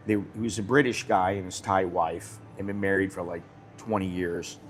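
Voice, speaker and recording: A man's voice: deep voice, steady tone, moderate pace, faint music behind. An American man hosting a casual live stream, talking bluntly in a rambling way and swearing freely. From United States.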